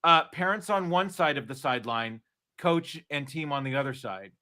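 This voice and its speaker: Bright-voiced man telling animated stories. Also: fairly high pitch, normal speed. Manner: animated storyteller, acts out quotes. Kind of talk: casual chat.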